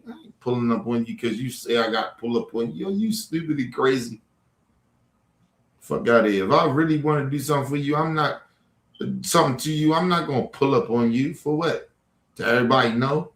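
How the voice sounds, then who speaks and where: A man's voice: medium pitch, expressive, normal speed. Confrontational man ranting in an echoey room. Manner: confrontational, profane, addressing chat trolls directly. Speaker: livestream host. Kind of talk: heated livestream rant.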